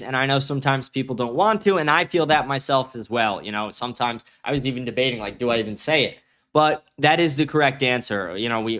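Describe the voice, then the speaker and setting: A man's voice: mid-range voice, a bit bright. A young man hosting a casual political commentary stream, blunt and profane, rambling with restarts and reading viewer chat aloud. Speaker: livestream host.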